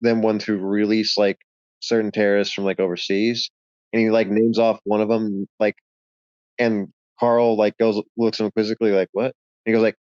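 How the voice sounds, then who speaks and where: A man's voice: fairly low pitch, little pitch movement, moderate pace, a little mellow, clean tone, no echo. A man on a movie club panel, retelling a favorite scene in a casual chat, peppered with "like". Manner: filler-heavy, lots of "like". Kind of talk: casual group chat about a film. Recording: dry, dull lo-fi mic.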